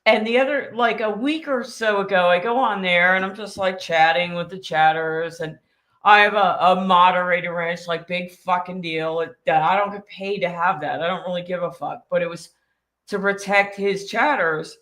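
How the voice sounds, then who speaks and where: A woman's voice: fairly low pitch, normal speed. A woman co-hosting a casual podcast, ranting bluntly and swearing freely. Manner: blunt, profane, animated ranting. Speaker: co-host.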